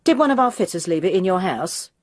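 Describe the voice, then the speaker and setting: A bored, insolent young receptionist brushes off the caller, voiced by a woman reading the story. Her voice is husky and low with lively swings, recorded dry. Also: fast talker, dry recording. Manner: insolent, dismissive.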